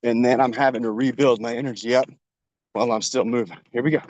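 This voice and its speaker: Upbeat fitness coach, dry close sound. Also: male voice, mid-range voice, steady tone, fast, a little mellow, no echo, highs cut off. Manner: encouraging, talks while running outdoors. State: a little out of breath. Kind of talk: coaching a workout while jogging. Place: outdoors on a trail.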